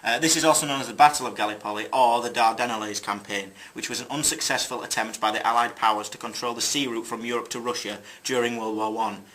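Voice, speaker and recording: Young male student narrator with a bright, sharp tone, reading history with hesitant ums and tossed-off jokes. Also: mid-range voice, steady tone, quick pace, few pauses. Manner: jokey asides, hesitant fillers. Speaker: student presenter. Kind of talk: narrating a school history video.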